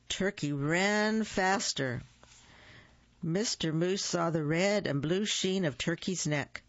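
A reader narrating a children's holiday story in a slow, deliberate way. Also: mid-range voice, no echo, highs cut off. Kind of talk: children's story read-aloud.

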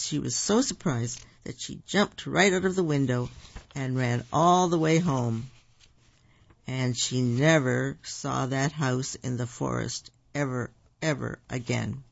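A storyteller reading picture books aloud to children, slow and gentle, with asides to the listeners. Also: medium pitch, creaky, no room sound. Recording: dull lo-fi recording.

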